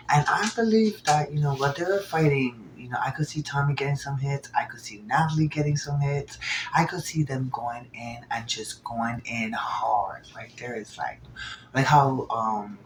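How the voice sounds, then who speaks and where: Casual male reviewer, animated, roomy sounding room, faint hiss behind. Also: mid-range voice. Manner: chatty, animated, slips into hushed quoted asides. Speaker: show reviewer. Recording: roomy echo, faint background noise.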